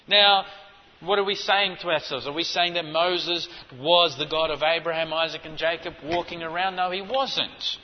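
A man preaching a sermon, teaching in an emphatic way and rising to forceful stresses. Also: a little high, normal speed. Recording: dull audio with long hall reverb.

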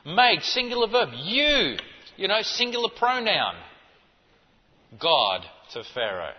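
Man, preacher, emphatic sermon, fairly high voice, long hall echo, dull recording. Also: sing-song, slow pace. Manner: emphatic teaching, rising to forceful stresses.

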